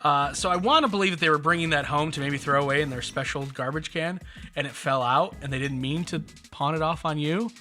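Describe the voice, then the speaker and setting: Joking man with a bright voice. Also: fairly high pitch, brisk, soft background music. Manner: joking, animated storyteller. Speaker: podcast co-host. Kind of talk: casual podcast chat.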